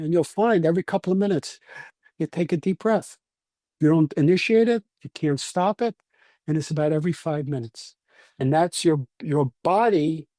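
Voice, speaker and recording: Brooklyn scientist guest, fairly high mellow voice, dry close sound, lecturing patiently. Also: male voice, no room sound. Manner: patient, lecturing, with frequent restarts. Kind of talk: explanatory interview answers.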